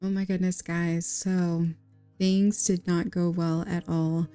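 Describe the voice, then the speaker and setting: A woman's voice: on the low side, flat delivery, slow, warm tone, smooth, faint music behind. Giggly woman narrating a life-sim game. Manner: chatty, giggly, addresses viewers. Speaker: gaming video creator. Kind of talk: casual gameplay commentary.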